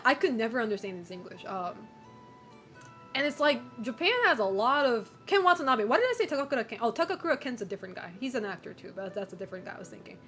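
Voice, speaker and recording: A woman's voice: on the high side, animated, quick pace, a bit bright, soft background music. A woman streamer chatting casually with viewers, opinionated, swearing and laughing often.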